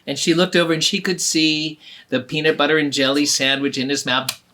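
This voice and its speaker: A woman telling a story live to children, animated and asking them questions along the way. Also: sits low, brisk, background noise.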